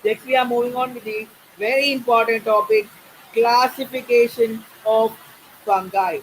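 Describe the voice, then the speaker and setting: Very high-voiced biology teacher. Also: male voice, fairly even intonation, moderate pace, slight background noise, poor audio. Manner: keeps checking in with students. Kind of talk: online class lecture. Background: faint rain.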